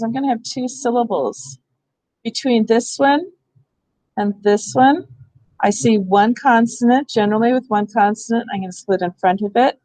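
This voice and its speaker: A woman's voice: mid-range voice, darkish tone, no echo, poor audio. A woman training teachers in a hands-on reading workshop, explaining step by step and thinking aloud. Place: school room.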